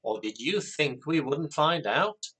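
A man's voice: fairly high pitch, expressive, a little slow, pushed and bright, breathy edge, exaggerated voice. A man reading the part of an angry, worried mother in a spoken story, scolding bluntly.

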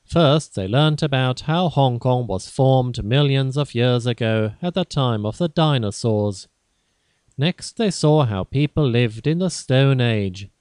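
A man narrating a simple graded-reader story in a slow, careful, even way. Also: medium pitch, smooth, dry recording.

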